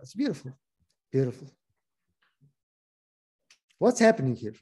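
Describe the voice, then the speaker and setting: Man, Bible study teacher, reading scripture, emphatic, raised pitch, warm tone. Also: measured pace, creaky. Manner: animated, stressing words, many restarts.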